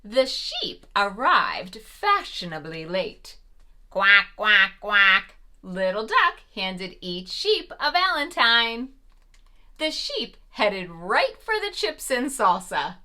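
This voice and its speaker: A woman hosting a preschool show, reading a picture book aloud in a gentle, sing-song and encouraging way. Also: a little high, sing-song, slow. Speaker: preschool storyteller host.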